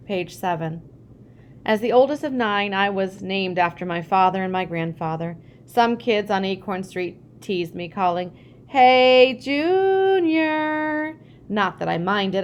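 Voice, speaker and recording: A woman reads a childhood memoir aloud in a mid-range voice. She gets expressive when she voices the family's dialogue. Faint noise sits under the recording. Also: medium pitch. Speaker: reader.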